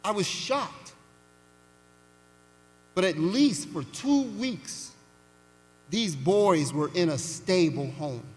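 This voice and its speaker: High-voiced man speaking slowly in an arena. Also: lively intonation, soft background music. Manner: slow, deliberate, with pauses for weight. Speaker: commencement speaker. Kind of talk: commencement speech storytelling. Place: large indoor arena. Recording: reverberant arena sound.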